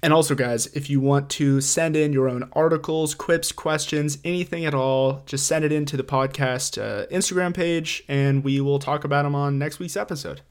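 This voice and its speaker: A man's voice: a little high, fairly even intonation, normal speed, hardly any pauses. A young adult man co-hosting a podcast, teasing and bantering playfully in casual chat. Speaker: podcast co-host.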